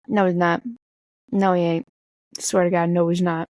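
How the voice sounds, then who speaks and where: A young woman from the Tacoma area telling an animated storytime, swearing and acting out quotes. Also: on the low side, moderate pace, pauses often, dry recording. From Tacoma area, USA. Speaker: vlogger. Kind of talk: casual storytime.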